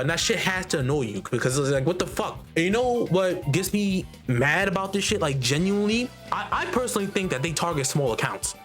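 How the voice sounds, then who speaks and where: Ranting, foul-mouthed young-sounding man. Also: high voice. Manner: heated, swearing constantly, repeats himself. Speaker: artist and vlogger. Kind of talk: profane ranting monologue. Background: faint background music.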